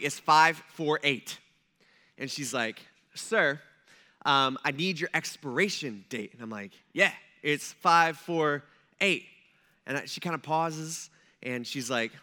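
A man's voice: medium pitch, pushed and bright. A man preaching a sermon to a congregation in a conversational style, with joking asides and frequent check-ins like "okay?" and "right?". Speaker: pastor.

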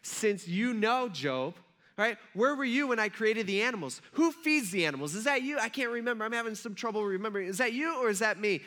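A man's voice: high-pitched, lively intonation, bright, forceful tone, pitched above the performer's own voice. A man voicing God as an all-powerful questioner, firing rhetorical questions one after another in a sermon retelling. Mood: challenging. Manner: rapid-fire rhetorical questions.

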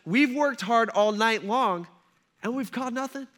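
A man's voice: very high voice, measured pace, a bit bright, voice pushed up. A man voicing a tired adult fisherman, who sighs and turns down a request politely but grudgingly. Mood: reluctant. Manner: laid-back, sighing, politely grudging. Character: reluctant weary adult male fisherman.

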